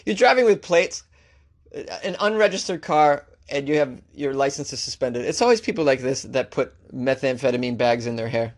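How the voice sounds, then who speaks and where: A male talk show host reading out odd news stories and mocking them sarcastically, with big jumps in pitch. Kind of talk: comic news commentary.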